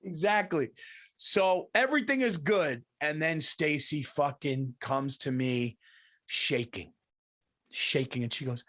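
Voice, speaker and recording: A man's voice: on the high side, unhurried, fairly bright tone. A man telling a rambling, profane story as a podcast co-host in casual chat.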